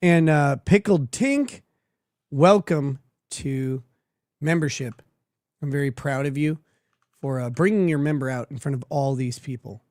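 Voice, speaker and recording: Here a livestream host reads viewer messages aloud and replies with crude, sardonic wisecracks, often laughing. He speaks at a measured pace in a slightly high, darkish voice, and the recording is studio quality without echo. It's casual commentary.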